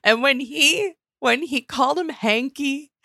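A woman with a bright voice of middle pitch, co-hosting a casual podcast. She gushes and exaggerates with plenty of expression, and the close recording sounds dry. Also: unhurried, vocal fry, no room sound. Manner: gushing, expressive, fond of dramatic exaggeration. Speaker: podcast co-host. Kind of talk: casual chat.

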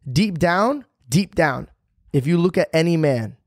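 A man's voice: a little high, lively intonation, measured pace, no echo, studio quality. A man co-hosting a podcast, chatting casually and teasing his friend with frequent laughter. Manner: joking, laughs often, teasing. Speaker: podcast co-host. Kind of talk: casual chat.

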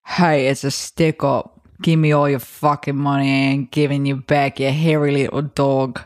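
A woman voicing a broke, drunk gangster fresh from the pub, with a put-on British accent and a rough, swaggering delivery. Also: a bass voice, level tone, moderate pace, dry recording, clean studio sound, pitched below the performer's own voice. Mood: menacing.

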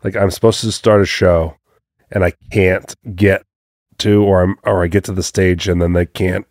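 A man with a slightly low voice co-hosts a podcast in casual chat. He is easygoing and reacts readily. The recording is dry and close. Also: flat delivery, a little mellow, no room sound. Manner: easygoing, quick to laugh and react. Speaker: podcast co-host.

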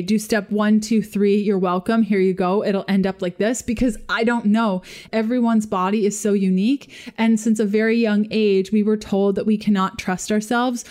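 A chatty woman talks straight to her listeners in a casual solo podcast, with a voice pitched in the everyday middle range. She is earnest and upbeat, leans on repeated words for emphasis, and laughs easily as she goes. She records at home. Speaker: podcast host. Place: home room with her dog nearby.

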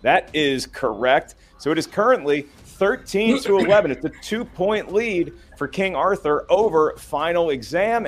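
A man hosting a trivia game show, reading questions and counting down with playful, teasing banter. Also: medium pitch.

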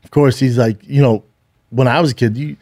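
A man in his forties tells a story on a casual podcast in animated bursts, acting out the people in it and swearing freely. His voice is mellow and warm. The sound is dry and close to the mic. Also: medium pitch, fairly quick, no echo. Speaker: podcast co-host. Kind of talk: casual chat.

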